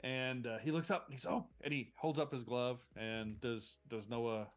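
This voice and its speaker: A man narrating as game master of a tabletop game, relaxed and rambling. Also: mid-range voice, moderate pace, dull audio, faint music behind.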